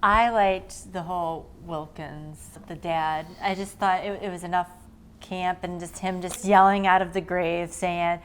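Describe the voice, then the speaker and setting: A woman with a somewhat low voice joins a casual movie chat. She speaks in a laid-back, easygoing manner. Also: steady tone, measured pace, smooth. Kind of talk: casual film discussion.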